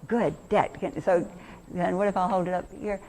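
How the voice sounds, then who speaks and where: A woman's voice: lowish voice, fairly even intonation, normal speed, dark tone, slight background noise. A middle-aged woman teacher leading an interactive workshop lesson, enthusiastic and quizzing her audience.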